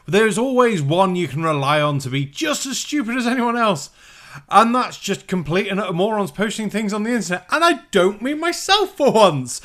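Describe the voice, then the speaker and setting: A man's voice: sits high, sharp tone. A man hosting a reaction channel, delivering sarcastic, profane commentary. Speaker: channel host.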